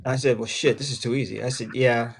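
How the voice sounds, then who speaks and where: Male host, casual storyteller on a live call-in panel, mid-pitched voice. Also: steady tone, brisk, gravelly, a little hiss or hum. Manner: storytelling, laughs easily. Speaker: show host. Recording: call-in stream audio.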